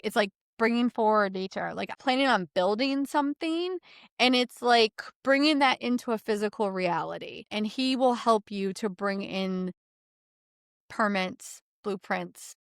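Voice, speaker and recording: A woman giving a relaxed spiritual reading as an energy healer, rambling with many fillers and easy laughs. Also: mid-range voice, clean tone, dry recording, studio quality.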